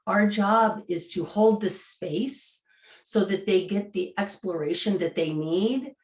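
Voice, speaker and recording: A woman teaching a live online coaching workshop, talking in an animated, conversational way and acting out the questions she would ask a client. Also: mid-range voice, slow pace, echoey room. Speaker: coaching trainer.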